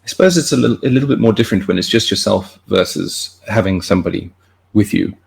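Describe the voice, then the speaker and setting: Gravelly, husky male interviewer. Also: fairly low pitch, fast talker, a little mellow. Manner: hesitant, repeats words. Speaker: podcast host. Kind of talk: casual interview questions.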